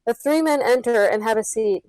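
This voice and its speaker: A woman's voice: a little high, normal speed, a little mellow, no room sound, low-quality recording. Woman reading stage directions. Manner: reads stage directions with giggles. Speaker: narrator. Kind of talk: comedy script reading.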